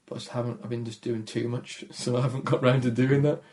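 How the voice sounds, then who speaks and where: A man with a Black Country accent and a gravelly voice talks quietly in a casual podcast conversation. His manner is shy and low-key, and he is quick to put himself down. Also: flat delivery. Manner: low-energy, shy, self-deprecating. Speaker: comedian guest.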